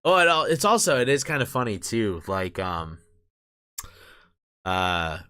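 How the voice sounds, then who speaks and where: A man's voice: on the low side, sing-song, a little slow, pushed and bright, smooth. A man hosting a casual live stream, rambling along, using lots of fillers and swearing casually.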